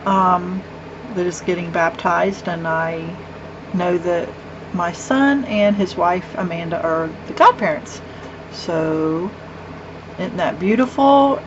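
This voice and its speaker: Woman, middle-aged, chatty and rambling, slow delivery, faint background hum. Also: fairly low pitch, dull audio. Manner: chatty, rambling, with gushing asides. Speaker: card-making vlogger. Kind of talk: casual craft show-and-tell.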